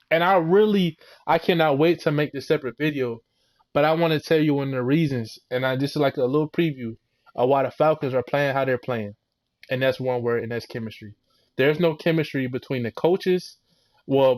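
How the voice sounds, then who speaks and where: A young man giving a heated, rambling and profane recap of a football game. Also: on the high side. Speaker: sports fan video creator.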